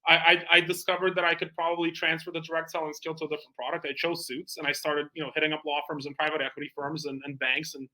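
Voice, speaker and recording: A man speaking at a fast clip with a bright, forceful tone that sits a little high. He tells sales stories as an interview guest with a salesman's energy, leaning on plenty of fillers. His voice stays punchy and quick. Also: poor audio. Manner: lively salesman telling anecdotes with lots of fillers. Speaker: guest, bespoke tailor and entrepreneur. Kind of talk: animated storytelling in conversation.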